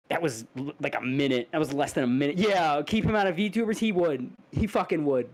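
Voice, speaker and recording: A man's voice: a little high, lively intonation, a little fast, few pauses. A man co-hosting a podcast, telling a story in casual chat, laughing, swearing and restarting his sentences. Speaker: podcast co-host.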